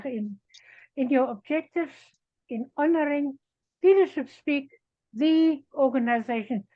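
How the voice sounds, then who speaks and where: A woman giving an evaluation at an online club meeting, speaking in measured short phrases over a video call. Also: high-pitched, dry recording. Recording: dry, dull video call audio.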